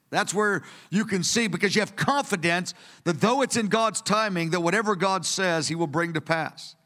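A man in his sixties preaching a teaching sermon from printed notes, earnest and storytelling, with bursts of excited emphasis. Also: sits high, moderate pace. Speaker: preacher teaching a study session. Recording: long reverb of a hall.

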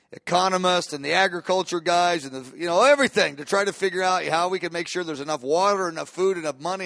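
A man's voice: a little high, vocal fry, a bit bright, no room sound, studio quality. A man preaching a sermon with impassioned delivery, often restarting phrases and building to emphatic peaks.

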